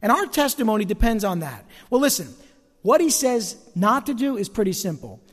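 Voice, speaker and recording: A middle-aged man preaches from the pulpit in a high, bright voice that swoops widely between lines. He jokes at his own expense and acts out everyday gripes with animated flair. His words ring out with a long reverb through a large church sanctuary. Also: moderate pace. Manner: animated, humorous, self-mocking, acting out complaints. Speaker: pastor. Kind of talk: sermon.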